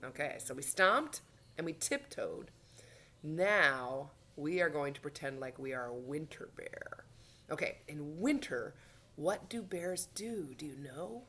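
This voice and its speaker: A woman's voice: low-pitched, lively intonation, measured pace, a bit bright, slightly rough. A woman leading a toddler story time, talking playfully, singing bouncy verses and dropping into whispers. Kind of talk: children's sing-along and storytime.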